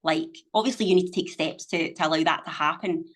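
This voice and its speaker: Speaking briskly in a low voice, a middle-aged business owner guests on a podcast. She chats casually but emphatically, with a motivational tone and plenty of free swearing.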